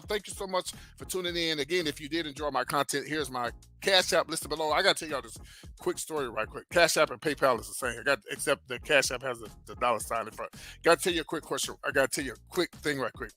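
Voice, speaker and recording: Chatty bright-voiced gossip host man. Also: a little high. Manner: chatty, animated, calls viewers child, baby and y'all. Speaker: host of a celebrity gossip channel. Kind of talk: casual gossip commentary.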